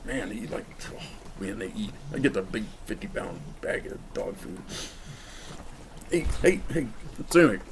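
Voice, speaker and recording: A man with a fairly low voice rambles through a cigar review, joking and chatting straight to the camera. He's outdoors, with a faint hum of background noise behind him. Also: fairly quick. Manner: chatty, jokey, talks straight to the viewer. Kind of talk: casual rambling vlog review. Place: outdoors in the cold.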